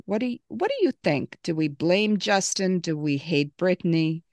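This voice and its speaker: A woman's voice: fairly low pitch, lively intonation, moderate pace, darkish tone, no echo. A woman hosting a podcast, casually recapping a memoir and reading quotes aloud. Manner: recaps and reads quotes, laughs easily. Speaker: podcast host. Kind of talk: casual book-club chat.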